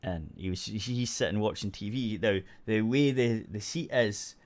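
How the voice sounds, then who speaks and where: A Scottish man hosts an internet radio show, telling a story in loose, rambling casual chat. He swears freely and restarts his sentences often. His voice sits low. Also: normal speed, darkish tone.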